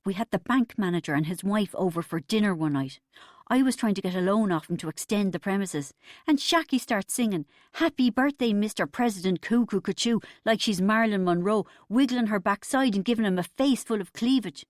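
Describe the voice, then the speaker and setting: A woman's voice: mid-range voice, lively intonation, brisk, no echo, studio quality, lightly acted. A woman voicing a bitter, boastful middle-aged husband in an audiobook, pompous and aggrieved. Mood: indignant.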